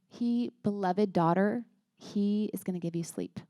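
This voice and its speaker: A woman's voice: medium pitch, a little slow, mellow, no echo, clean studio sound. A woman in her thirties speaking to a church group of moms in a chatty, earnest way, often restarting her sentences. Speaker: speaker at a church moms' gathering. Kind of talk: casual talk to a women's group.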